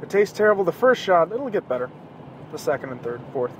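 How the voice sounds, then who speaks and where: A man's voice: on the high side, very animated, a little fast. Profane, rambling man ranting from his car. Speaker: podcast host. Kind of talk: casual solo rant. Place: in a car driving home at night. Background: faint passing traffic.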